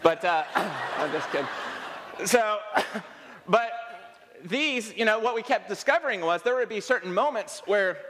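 Male pastor, slightly higher voice, easy conversational sermon, long church reverb. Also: bright, forceful tone. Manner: conversational, self-deprecating humor, acts out quotes. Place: church sanctuary.

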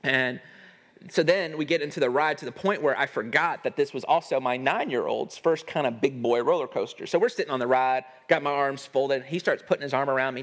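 A man's voice: medium pitch, a little fast, a bit bright. A man in his thirties giving an earnest sermon-style talk on parenting, telling a family story and acting out the dialogue.

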